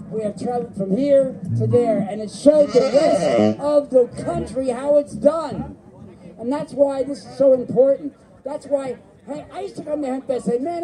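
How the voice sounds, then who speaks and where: A man giving an impassioned, rousing speech from an outdoor festival stage, shouting out to the crowd. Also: very high-pitched. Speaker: festival speaker. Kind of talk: rally speech.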